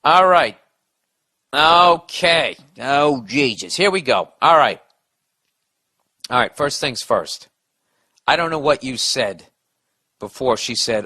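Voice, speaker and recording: A man's voice: mid-range voice, lively intonation, slow pace, long pauses, pushed and bright. A man hosting a podcast, giving blunt, profane advice in a rambling, casual rant.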